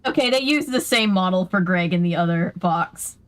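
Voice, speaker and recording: A woman hosting a casual gaming chat with a friend, reacting with quick, incredulous questions. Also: on the low side. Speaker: host.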